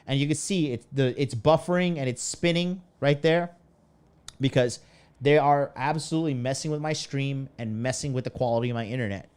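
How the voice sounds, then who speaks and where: A man's voice: medium pitch, fairly quick, darkish tone, smooth. A man streaming live, ranting in a profane, fired-up, preachy way as a dating coach. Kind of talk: casual livestream rant.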